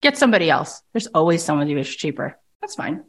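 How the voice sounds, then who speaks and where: A woman's voice: low-pitched, fast. Emphatic woman coaching with big swings. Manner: emphatic and animated, with big swings into mocking voices; blunt and profane at times. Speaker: life coach running a group coaching call. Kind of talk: impassioned coaching talk.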